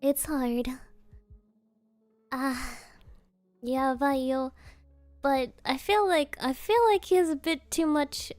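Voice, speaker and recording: Slow-talking high-voiced young woman streamer. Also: a little mellow, dry recording. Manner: rambling, giggly, playful voices when quoting. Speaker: VTuber streamer. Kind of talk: casual stream chat.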